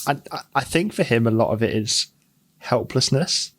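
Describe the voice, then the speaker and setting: A man co-hosting a casual podcast, talking in a measured, thoughtful way with stammered restarts. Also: medium pitch, lively intonation, fairly bright tone. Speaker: podcast co-host. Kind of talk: casual chat.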